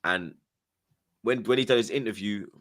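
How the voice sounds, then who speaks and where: A man's voice: on the low side, normal speed. A young man telling a story in street slang and acting out what people said. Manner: London slang, acts out quoted lines, excitable. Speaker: podcast guest. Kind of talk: animated storytelling.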